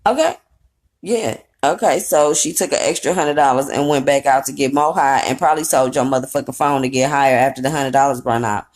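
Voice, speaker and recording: A woman's voice: extremely low pitch, fairly even intonation, a little fast, hardly any pauses, a little mellow. A woman recapping a reality show in casual, rambling commentary, blunt and profane with a sassy edge. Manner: rambling with fillers and asides.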